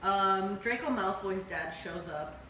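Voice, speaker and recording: A tipsy young woman hosts and retells a story in a lively, profanity-soaked way, her voice bright and forward. The room is very echoey, and there is a faint hiss behind her. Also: mid-range voice, slow pace. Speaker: host.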